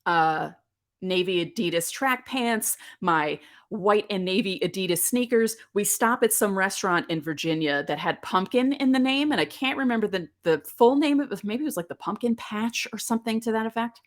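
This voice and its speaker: A woman's voice: medium pitch, lively intonation, moderate pace. A woman in her thirties hosting a podcast, telling a nostalgic story in a chatty way with lots of asides. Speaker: podcast host. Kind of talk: casual solo podcast talk.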